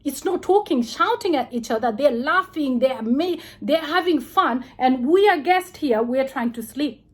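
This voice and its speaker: High-voiced indignant woman vlogging a grievance. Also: animated. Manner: indignant, rapid retelling with quoted back-and-forth. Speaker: vlogger recounting a complaint. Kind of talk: heated personal account to camera. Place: quarantine hotel room.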